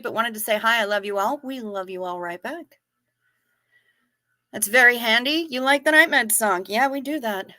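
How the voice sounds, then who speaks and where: A woman's voice: mid-range voice, bright, forceful tone, dry recording. A woman hosting a live stream, chatting casually, telling jokes and reading out viewer messages. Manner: chatty, joking, reads chat aloud.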